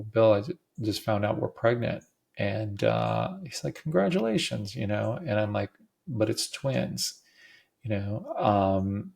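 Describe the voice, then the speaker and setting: A man's voice: lowish voice, vocal fry, darkish tone. A middle-aged man hosting a podcast, telling a personal story in a rambling, casual way with many fillers and restarts. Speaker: podcast host.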